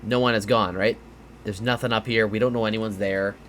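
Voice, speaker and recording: A man's voice: lowish voice, fairly even intonation, brisk, fairly bright tone, a little hiss or hum. A man casually explaining gaming strategy over a map, rambling a bit with fillers and restarts, sounding tired. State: tired, yawning. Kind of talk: casual gameplay breakdown.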